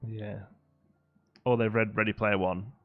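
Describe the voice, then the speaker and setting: A man's voice: on the low side, flat delivery, measured pace, narrow, tinny audio, faint music behind. A man casually commenting while playing a building game on a live stream, reading and answering chat. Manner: chatty, reads out chat and answers it.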